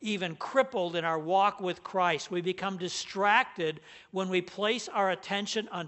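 Male pastor, high-pitched, emphatic sermon delivery. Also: unhurried, hardly any pauses, fairly bright tone. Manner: earnest, emphatic, stresses key words.

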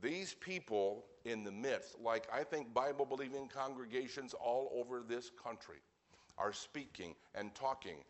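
Earnest man preaching a sermon. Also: medium pitch. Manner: earnest, plain-spoken, with wry asides and slow, weighty scripture reading. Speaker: pastor. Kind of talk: evening sermon.

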